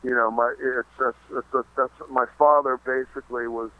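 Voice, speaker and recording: A man being interviewed in casual chat, halting with many restarts and fillers, and swearing freely. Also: medium pitch, flat delivery, no echo, narrow, tinny audio. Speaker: interview guest.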